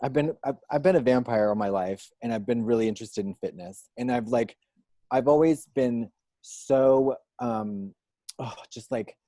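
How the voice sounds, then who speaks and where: A man's voice: mid-range voice, moderate pace, mellow, no room sound. A man in a casual interview, rambling with lots of fillers and restarts and making dry jokes. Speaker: drag performer and musician, guest.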